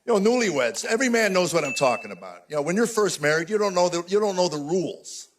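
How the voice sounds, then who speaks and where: A man's voice: high voice, big pitch swings, fast talker, slight background noise. A man in his sixties doing a stand-up routine on a live stage, telling exasperated stories with punchy mock outrage. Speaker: stand-up comedian.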